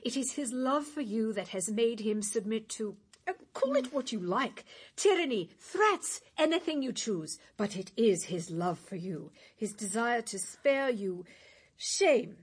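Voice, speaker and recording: A woman's voice: on the high side, lively intonation, measured pace, breathy edge. An actress playing a worldly woman with a shameful past, pleading urgently and with passion in a stage drama.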